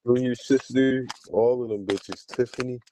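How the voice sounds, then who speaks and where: A man's voice: medium pitch, fairly even intonation, normal speed, dark tone, slight background noise, rough recording. A man co-hosting a podcast, bragging crudely in casual banter and laughing often. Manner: crude, boastful, laughs a lot. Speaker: podcast co-host.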